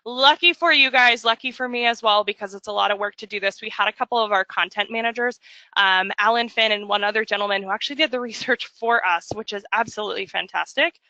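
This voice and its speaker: A woman presenting a marketing webinar in a jokey, chatty way, slipping into quick voices for asides. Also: mid-range voice, bright, forceful tone, no room sound. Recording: dull, dry lo-fi audio.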